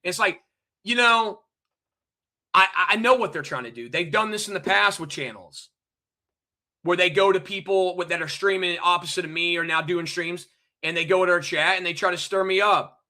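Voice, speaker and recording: Ranting stream host, male, high and piercing, swears and repeats himself at chat. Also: moderate pace, sharp tone. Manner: heated, profane, repetitive, addresses chat directly. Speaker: livestream host. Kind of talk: angry ranting livestream monologue.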